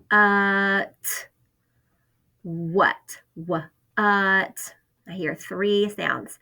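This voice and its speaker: A woman teaching a phonics lesson to first graders, sounding out letters and words slowly and clearly. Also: medium pitch, a bit bright. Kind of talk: phonics lesson for young children.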